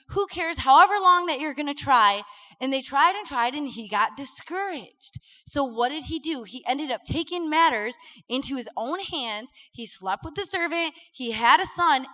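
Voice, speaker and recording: A young woman giving a casual sermon, chatty and animated, full of fillers and acted-out quotes. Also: high voice. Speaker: preacher. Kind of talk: casual sermon with personal stories. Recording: live talk with long hall reverb.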